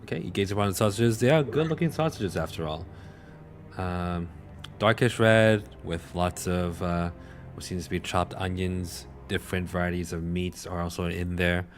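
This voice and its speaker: A man narrating as game master for a tabletop game, in a relaxed manner full of fillers. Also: deep voice, normal speed, soft background music.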